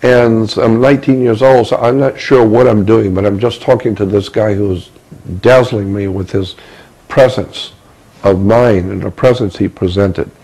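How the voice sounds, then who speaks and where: A man telling a story about his own past, halting and repeating words as he searches for them. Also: fairly low pitch, fairly even intonation, warm tone, breathy edge, low-quality recording. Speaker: speaker recounting a personal experience.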